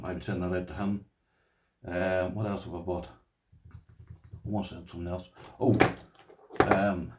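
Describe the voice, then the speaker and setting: A mellow, low-pitched man's voice, reverberant and far from the mic, with slight background noise. The Irish speaker rambles casually on camera about his collection of locks, calling the audience "boys" and using "this here."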